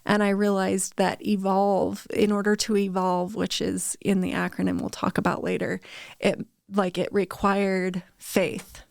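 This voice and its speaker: A woman's voice: medium pitch, level tone, unhurried, creaky, dry recording, clean studio sound. A woman in her thirties co-hosting a podcast, telling her story candidly with many restarts and fillers. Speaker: podcast co-host. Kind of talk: casual chat.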